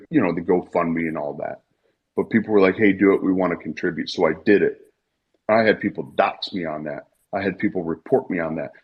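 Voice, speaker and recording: A man in his late thirties with a low, breathy-edged voice speaks on a Twitter Spaces live stream, the online call audio sounding lo-fi. He tells an emotional personal story bluntly, swearing and repeating himself.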